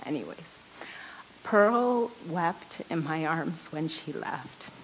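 A woman speaks slowly and unhurriedly, sharing a personal devotional story with a women's group. Her voice sits a little low for a woman. She is earnest and often breaks into a soft laugh mid-sentence. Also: big pitch swings, slight background noise, low-quality recording.

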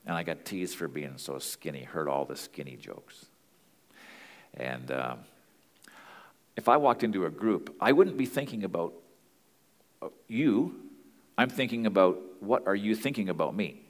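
A man's voice: low-pitched, unhurried, pauses often, in a large hall. A man teaching as a pastor and marriage counselor, earnest and plain-spoken in a conversational way.

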